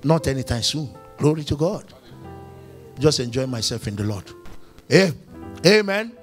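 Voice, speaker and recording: A man's voice: mid-range voice, very animated, moderate pace, faint music behind. A man preaching a sermon in church, firing questions at the congregation and acting out little dialogues. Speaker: pastor.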